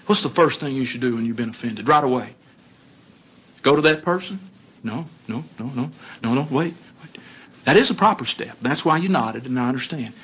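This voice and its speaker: A man giving a sermon, telling stories in an animated way and putting questions to his listeners. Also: mid-range voice, brisk, slightly rough. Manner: animated storytelling, acts out dialogue, asks the audience questions. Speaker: congregation speaker.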